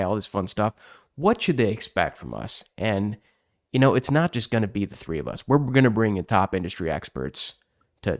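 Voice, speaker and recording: A man's voice: lowish voice, no room sound, clean studio sound. A man co-hosting a casual podcast, joking and restarting his sentences as he talks. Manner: joking, repeats words as he starts sentences. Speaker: podcast co-host.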